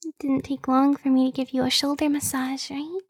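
A woman voicing a teasing, clingy adult younger sister in a whispered role-play, with playful breathy whispers and frequent giggles. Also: high-pitched, little pitch movement, brisk, dry recording, studio quality.

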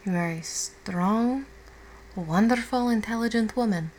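A woman playing a caring girlfriend who has just woken up, speaking softly and reassuringly with casual swearing in an audio role-play. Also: mid-range voice, measured pace, vocal fry, slight background noise, low-quality recording. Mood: tender. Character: affectionate young woman, the listener's caring girlfriend.

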